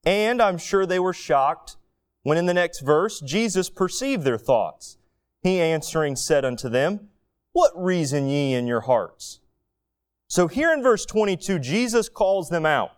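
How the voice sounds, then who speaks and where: Lively, animated male preacher. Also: sits high, a little slow. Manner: vivid storytelling, acting out inner thoughts. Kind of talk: expository sermon.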